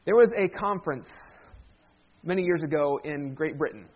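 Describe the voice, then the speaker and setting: A man's voice: fairly high pitch, normal speed, dull audio. A man preaching a sermon as a pastor, talking in a conversational way with humorous asides.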